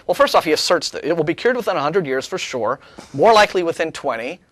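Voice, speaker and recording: A sarcastic man co-hosting a talk show, talking over an email with a voice that swings up and down a lot. His voice sits a little high and sounds close and dry, with no room behind it. He keeps stopping and restarting his sentences. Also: fast, no room sound. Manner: sarcastic, animated, restarts often. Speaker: co-host. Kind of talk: casual chat, reading and rebutting an email.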